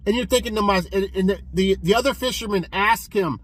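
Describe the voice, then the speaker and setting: A man casually reviewing a film he watched, retelling the plot in an excitable, profane way with many restarts. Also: high-pitched, fast talker, no echo, poor audio. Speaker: physical media collector reviewing films.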